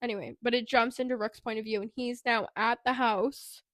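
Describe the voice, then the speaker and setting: A woman's voice: fairly high pitch, fairly even intonation, a little fast, no echo, studio quality. A woman co-hosting a podcast, casually retelling a book's plot in a chatty way, with plenty of "like" and "anyway". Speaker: podcast co-host. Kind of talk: casual book recap.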